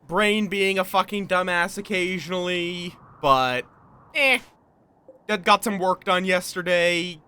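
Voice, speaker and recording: This streamer is a weary man making casual talk during a gaming livestream, joking around with goofy put-on accents. He sounds high-pitched, bright and forceful at a slow pace, over slight background noise and faint music.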